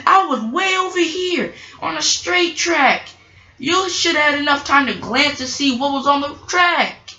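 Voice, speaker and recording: Woman playing a small nervous boy engine, high and halting, bright tone; lo-fi toy-video sound. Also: lively intonation, exaggerated voice. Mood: panicked. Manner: stammering, hesitant pleading. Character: small anxious male work engine. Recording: dull lo-fi with faint hiss.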